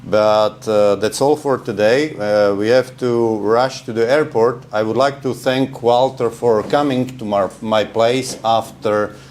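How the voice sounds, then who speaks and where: Low-voiced hesitant man host. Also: a little mellow, slight background noise. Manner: hesitant, filler-heavy. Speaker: channel host. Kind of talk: casual wrap-up.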